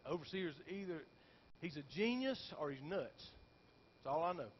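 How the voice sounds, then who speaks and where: A male pastor preaching a storytelling sermon. He talks to the congregation in folksy asides and climbs into shouted peaks. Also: fairly high pitch, animated, normal speed. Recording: dull lo-fi sound with faint background noise.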